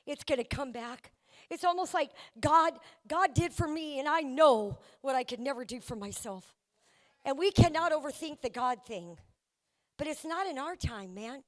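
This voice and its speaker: High-voiced woman telling her recovery story. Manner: candid, humorous storytelling with frequent restarts. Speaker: guest speaker sharing her recovery story. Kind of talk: live recovery meeting talk. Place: event venue before a live audience.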